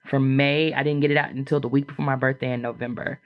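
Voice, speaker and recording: On a podcast, a woman guest tells a personal story frankly and chattily, full of fillers. She talks fast and acts out other people's lines with big jumps in pitch, though the audio is dull.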